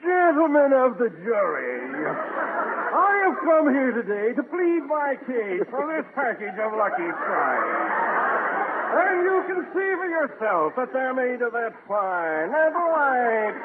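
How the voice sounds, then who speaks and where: A radio announcer impersonating an old stage actor pleading to a jury for a comedy commercial. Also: male voice, extremely high pitch, very animated, slow, voice pushed up, heavily acted. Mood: orating. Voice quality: theatrical, declaiming orator. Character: grand old courtroom lawyer actor impression. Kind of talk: 1940s radio comedy impression. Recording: noisy, tinny old radio broadcast.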